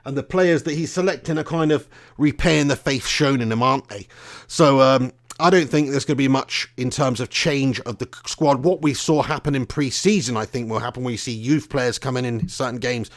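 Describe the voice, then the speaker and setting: A man's voice: medium pitch, normal speed. A young man, hosting a casual live stream, chatty and swearing freely, laughing often. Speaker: fan channel host.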